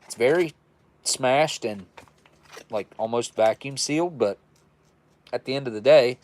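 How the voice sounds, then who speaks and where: A man's voice: mid-range voice, lively intonation, moderate pace, long pauses, a little mellow. A man hosting a casual livestream, reviewing old military rations and chatting with viewers in a folksy, self-described redneck way.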